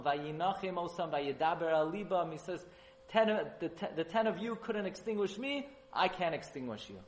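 A man giving a Torah sermon at a memorial gathering, animated and rising to loud, emphatic peaks. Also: a little high, slight background noise, rough recording. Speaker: rabbi giving a memorial talk.

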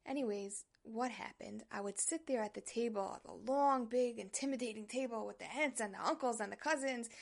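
A woman leading a Torah class in a fairly high voice with plenty of vocal fry. She tells her story with animation and often starts her sentences over. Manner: animated storyteller, frequent self-restarts. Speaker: religious class teacher.

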